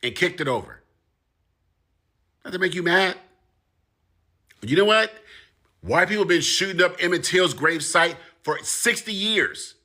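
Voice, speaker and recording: With a high-pitched voice, lively intonation, moderate pace and frequent pauses, a commentator gives a direct-to-camera monologue. He's impassioned and forceful, using repetition and rising emphasis to press each point.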